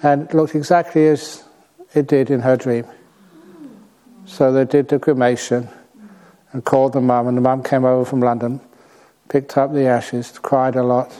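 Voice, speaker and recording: A man acting as a Buddhist teacher, telling a story to an audience in an unhurried way with light humor. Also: mid-range voice, little pitch movement, warm tone.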